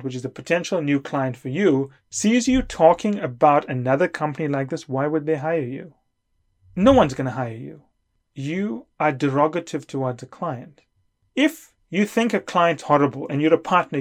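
A middle-aged man giving an emphatic, lecturing talk as a consulting coach. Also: a little high. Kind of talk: lecture to camera.

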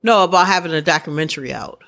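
A woman with a deep, fairly bright voice talks fast as she hosts a podcast. She rambles through sports news in casual chat, often restarting her sentences.

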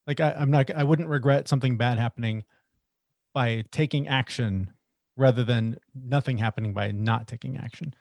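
A middle-aged man co-hosting a podcast, talking in an earnest, reflective way as he thinks out loud in casual conversation. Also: mid-range voice, steady tone, normal speed, creaky, no room sound. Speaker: podcast co-host.

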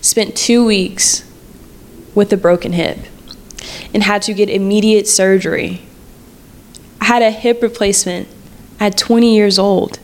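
A woman's voice: mid-range voice, fairly even intonation, unhurried, long pauses, darkish tone. A woman in her twenties hosting a personal podcast, telling her story in a candid, conversational way and repeating phrases for emphasis. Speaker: podcast host.

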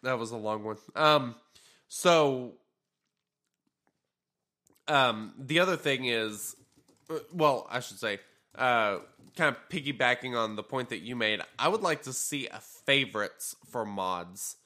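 A man with a bright, forward voice talks over a mobile game in loose podcast chat. He rambles a little, leans on ums and uhs, and sounds tired and yawny. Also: medium pitch, slow pace. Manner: relaxed, rambling, frequent fillers. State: tired, yawning. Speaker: podcast co-host. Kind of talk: casual gaming podcast chat.

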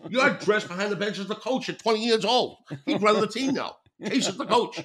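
A man's voice: high-pitched, lively intonation, fairly quick, a bit bright. An older man, a former hockey player telling rowdy locker-room stories on a podcast, swearing freely and laughing through them. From Boston area. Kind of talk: casual storytelling.

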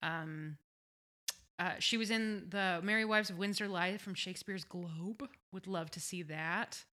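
A woman's voice: fairly low pitch, measured pace, pushed and bright. A woman co-hosting a podcast, chatting casually about a TV episode, swearing freely and laughing often. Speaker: podcast co-host. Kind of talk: casual chat recap.

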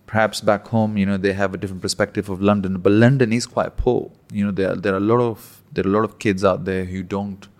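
A man's voice: on the low side, gravelly. A man with a Pakistani accent, a stand-up comedian chatting casually, rambling with many restarts and fillers. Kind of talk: casual conversation.

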